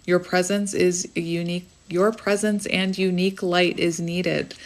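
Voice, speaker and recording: A woman's voice: lowish voice, flat delivery, normal speed. A woman giving a casual spiritual tarot reading, chatty and rambling, often breaking off to laugh at herself. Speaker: tarot reader.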